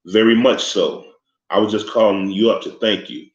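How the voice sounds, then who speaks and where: A man's voice: lowish voice, steady tone, moderate pace, close to an everyday voice. A man voicing an eighteen-year-old drug dealer who talks in casual slang in a storybook reading. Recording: echoey, slightly muffled room recording.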